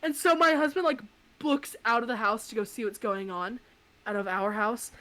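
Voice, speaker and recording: A young woman on a podcast, spinning a long personal story in a loose, chatty way. Her voice sits at an everyday middle pitch and she fills her sentences with "like" as she relives the moment. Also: normal speed. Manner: chatty, peppered with "like", animated retelling. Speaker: podcast co-host. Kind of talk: casual anecdote on a podcast.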